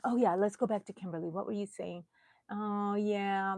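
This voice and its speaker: A woman's voice: mid-range voice, steady tone, normal speed, a little mellow, dry recording. Middle-aged woman host, rambling chatty livestream talk while crocheting, dry close sound. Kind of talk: casual chat during a livestream.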